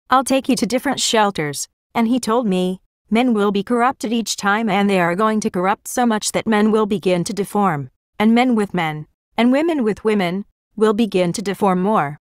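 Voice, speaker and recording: A woman's voice: medium pitch, normal speed, no room sound, studio quality. Woman solemnly narrating a prophetic vision.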